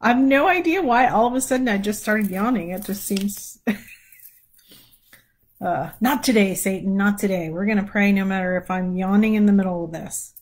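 A woman's voice: medium pitch, moderate pace, rough recording. A woman leading a livestreamed prayer, chatting casually and laughing as she keeps yawning, speaking from a room at home. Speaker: prayer leader. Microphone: phone or webcam livestream.

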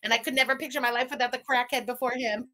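Snarky lady commentary host, kinda high, really bright tone. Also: steady tone, racing. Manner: mocking, sarcastic. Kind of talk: reacting to a livestream.

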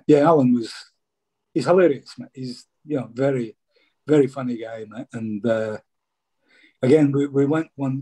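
A man's voice: medium pitch, warm tone, slightly rough. A middle-aged man from Scotland, a former footballer chatting casually in an interview and peppering his stories with "mate".

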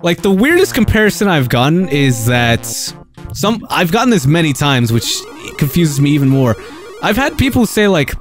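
Excitable young man streaming a game. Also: on the high side, moderate pace, soft background music. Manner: excitable, yelps and laughs often. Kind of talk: live game commentary.

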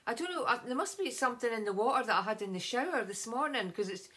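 A woman's voice: a little high, lively intonation, quick pace, pushed and bright, breathy edge. A Scottish woman chatting casually in a home beauty vlog, rambling with many ums and asides. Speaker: vlogger.

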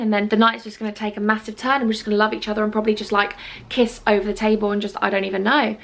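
A woman's voice: mid-range voice, steady tone, fast talker, creaky. A woman in her twenties chatting playfully and teasing herself while doing her makeup. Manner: chatty, playful and self-mocking. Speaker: beauty vlogger. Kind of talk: casual get-ready-with-me chat.

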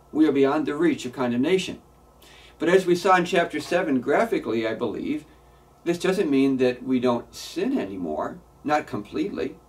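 A pastor delivers his sermon in church with earnest, emphatic conviction, sometimes stumbling over repeated words. His voice sits at an ordinary middle pitch for a man. He is heard from a little way off the microphone. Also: darkish tone, recorded from a distance.

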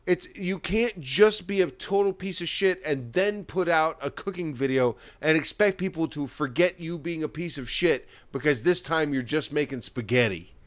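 A man's voice: on the high side, normal speed, few pauses, a bit bright. Ranting, profane male podcast host. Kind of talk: casual podcast commentary.

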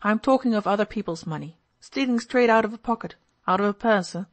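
A woman's voice: medium pitch, brisk, natural voice. A woman reading the part of an impulsive, brooding young man who talks in an expansive, feverish way. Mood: sly. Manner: expansive, feverish, then dreamy.

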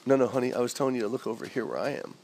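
A man playing a video game with his family, excitable and giving directions. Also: medium pitch, racing, a little hiss or hum. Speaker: father and host playing with family. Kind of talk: casual game chat.

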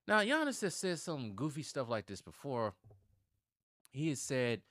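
A very animated man with a mid-range voice talks a little fast. In his thirties and from Milwaukee, he hosts a sports channel, and his opinionated commentary gets heated, loud and emphatic whenever he rants; the audio is dry and studio-clean.

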